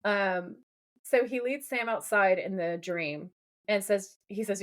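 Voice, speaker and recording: A woman at a middling pitch recaps an episode for her co-host. She reads out scenes line by line and fills the gaps with casual asides and fillers. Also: slow, a bit bright. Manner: retells scenes by reading out lines, with many fillers. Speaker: podcast co-host.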